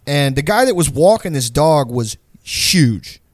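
A man's voice: fairly high pitch, big pitch swings, a little slow, no echo, studio quality. Rambling, profane young man. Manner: rambling, profane storytelling with lots of "like". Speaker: podcast co-host. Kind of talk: casual chat.

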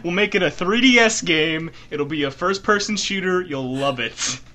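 A man's voice: a little high, animated, moderate pace, sharp tone, slight background noise. A man co-hosting a podcast in casual chat, riffing with jokey, exaggerated bits. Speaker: podcast co-host.

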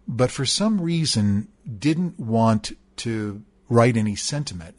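Husky middle-aged man, earnest and candid. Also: medium pitch, no echo. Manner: earnest, candid, with hesitant restarts. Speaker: narrator. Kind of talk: reading a post aloud, then personal reflection.

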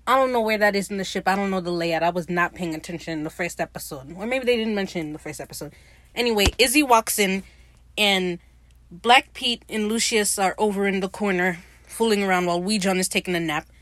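A woman hosts a podcast, recapping a TV episode in a casual, slangy and profane way and acting out lines to retell scenes. Her voice is medium-pitched, fairly quick and fairly bright, in a dry recording.

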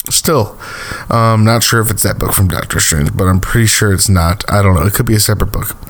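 A man's voice: lowish voice, fairly quick, a little hiss or hum. A man casually recapping a TV episode, rambling with lots of fillers and small chuckles. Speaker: TV recap host.

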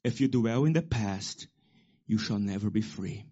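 A pastor in his forties preaching a sermon with emphasis, rising to loud peaks and dropping to quiet asides. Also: on the low side, expressive, a little slow, highs cut off.

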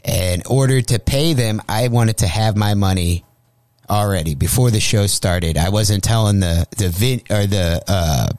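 A male comedian from St. Louis telling a crude story on a radio show, profane and animated, acting out the voices in his tale. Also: on the low side, normal speed, no echo. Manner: profane, animated, acts out quotes. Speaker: comedian guest.

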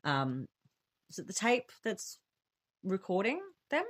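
A woman's voice: medium pitch, big pitch swings, slow pace. A woman co-hosting a podcast, chatting casually about films, laughing often and swearing freely. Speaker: podcast co-host. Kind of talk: casual chat reviewing films.

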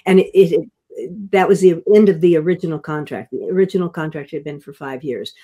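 An older woman, a veteran actress, telling stories in an interview, halting and restarting often as she chuckles. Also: sits low, mellow. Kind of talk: interview storytelling.

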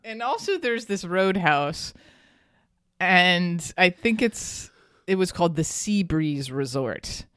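Smooth-voiced woman telling history casually. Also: fairly low pitch, sing-song, takes it slowly, a bit bright, no room sound, studio quality. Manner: chatty, laughs often, reads quotes. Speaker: podcast host. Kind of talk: casual history podcast storytelling.

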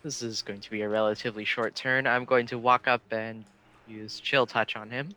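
Male tabletop player, lower pitch, bright tone, short and plain. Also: little pitch movement, normal speed. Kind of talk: casual tabletop play.

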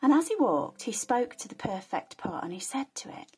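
A woman telling a folk tale in a soft, soothing, relaxing way. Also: a little high, big pitch swings, moderate pace, breathy edge. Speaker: storyteller. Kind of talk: relaxing storytelling.

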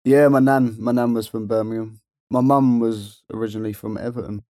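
A man's voice: mid-range voice, steady tone, brisk, dark tone, no room sound, studio quality. A man co-hosting a podcast, bantering in a jokey, chatty way. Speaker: podcast co-host. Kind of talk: casual chat.

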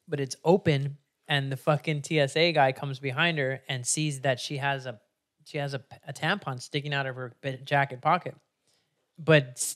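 A man co-hosting a podcast who tells a casual story to friends, swearing freely and acting out the people he quotes. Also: medium pitch. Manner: profane, animated, acts out quoted people. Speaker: podcast co-host.

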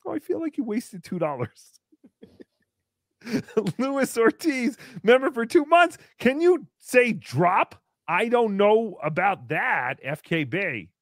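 A goofy male livestream host reading out member thank-yous. His voice sits high and leaps wildly in pitch. The mic is close and dry. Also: takes it slowly, dry recording. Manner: goofy, animated, swinging between squeals and mumbles. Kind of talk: comedic live-stream chat.

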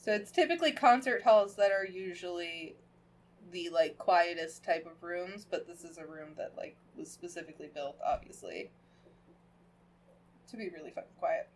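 A woman's voice: fairly low pitch, normal speed, slight background noise. A young woman co-hosting a podcast, chatting casually, swearing freely and filling her talk with "like". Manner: swearing, laughing, lots of "like" fillers. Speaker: podcast co-host. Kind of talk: casual chat.

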